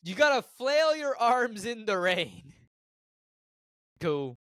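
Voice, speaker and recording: A man co-hosting a podcast, casually recapping a film from his notes with animated jokes. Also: high voice, takes it slowly, dry recording. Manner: animated, joking, reads notes aloud. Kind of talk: casual chat.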